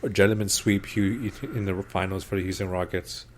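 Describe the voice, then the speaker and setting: A man co-hosting a sports podcast, chatty and excitable, calling his co-host "bro" and "dude.". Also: low-pitched, normal speed, slight background noise. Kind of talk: casual sports chat.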